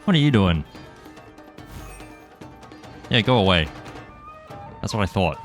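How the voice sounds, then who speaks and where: Young man, slightly croaky gaming chatter. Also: lowish voice, very animated, slow pace, faint music behind. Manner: chatty, rambling asides, playful swearing. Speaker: gaming YouTuber. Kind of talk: casual gameplay commentary.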